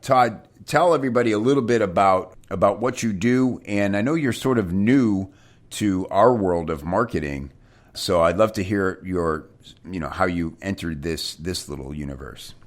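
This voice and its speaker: A man's voice: deep voice, normal speed. A man hosting a podcast interview from his office on a desktop mic, upbeat and enthusiastic. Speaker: podcast host. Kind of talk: remote interview. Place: home office. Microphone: desktop USB mic.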